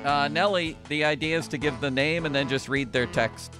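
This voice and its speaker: A man's voice: fairly high pitch, normal speed, music in the background. A man hosting a sports radio show, ribbing his co-host and producer in a teasing, exasperated way. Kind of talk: casual sports radio banter.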